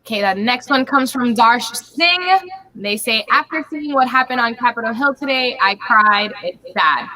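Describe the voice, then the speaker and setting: A woman's voice: on the high side, animated, moderate pace, bright, forceful tone, low-quality recording. A woman co-hosting a live show, reading viewer comments cheerfully. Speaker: co-host.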